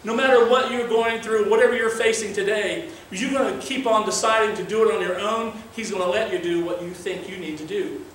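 Brisk and nearly pause-free, this high, slightly bright male voice preaches in an earnest, talk-like manner, working in readings from scripture. The capture is distant and very echoey, with a little hiss or hum.

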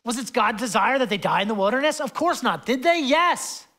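Preaching as a pastor, this young adult man keeps things casual and conversational, scattering fillers and asides throughout. His passion shows as he moves from loud stretches to quiet ones, with an extremely high pitch, lively intonation, and a brisk delivery.

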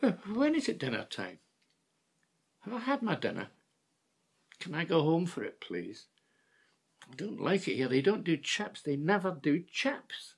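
Casting: a man as an older brother with dementia, childlike and pleading, gravelly husky voice with wide swings of pitch. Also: wildly swooping pitch, measured pace, long pauses, exaggerated voice. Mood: plaintive. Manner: childlike pleading, repeats words. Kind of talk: stage drama acting.

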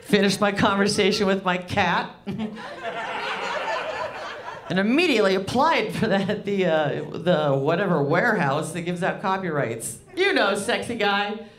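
A woman's voice: medium pitch, expressive, unhurried. A woman comedian doing a stand-up set on a club stage, loose, rambling and crude, poking fun at herself. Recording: live club set with audience laughter.

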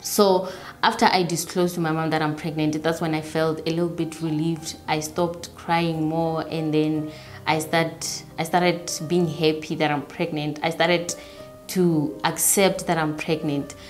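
A young woman recounts her own story in an interview, her voice sitting a little low. She talks in halting bursts, often repeating phrases. Faint music plays underneath. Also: little pitch movement. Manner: halting, repeats herself, voices others' words softly. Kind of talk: personal storytelling.

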